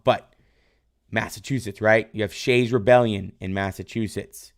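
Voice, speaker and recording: Male teacher, low gravelly voice, casual live review lesson, keeps quizzing the class and praising answers. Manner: quizzes viewers and praises their answers from chat; loose, rambling, tag questions like "right?". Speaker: history teacher.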